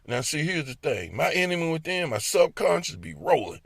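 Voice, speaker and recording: A man's voice: on the high side, big pitch swings, moderate pace, creaky, hardly any pauses, a bit bright, slightly rough, no room sound. A man with a Baltimore accent telling casual personal stories to the listener, laughing often as he acts out the voices in his head. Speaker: speaker sharing personal stories. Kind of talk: casual storytelling monologue.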